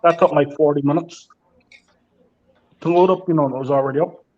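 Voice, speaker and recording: A man's voice: on the high side, steady tone, a little fast, a little mellow. A man chatting casually on a live stream call, easygoing and correcting himself mid-sentence. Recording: dull lo-fi call audio.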